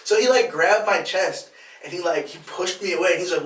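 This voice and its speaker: Recorded off-mic and at a distance, with roomy podcast sound, a man with a high voice speaks briskly. As co-host in a relaxed chat, he tells an animated story, voicing the people in it and laughing mid-story.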